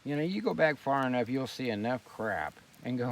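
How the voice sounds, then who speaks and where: A man's voice: medium pitch, lively intonation, fairly quick, few pauses. A man ranting by a campfire, blunt and heavily profane as he holds forth. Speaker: host. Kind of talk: fireside rant. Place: outdoors by a campfire. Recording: distant mic, faint outdoor noise.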